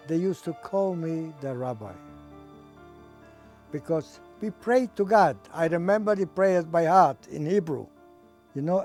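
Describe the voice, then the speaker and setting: Older man, unhurried testimony, mellow tone, halting non-native English, searches for words. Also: on the high side, vocal fry. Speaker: Holocaust survivor giving testimony. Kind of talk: oral history testimony.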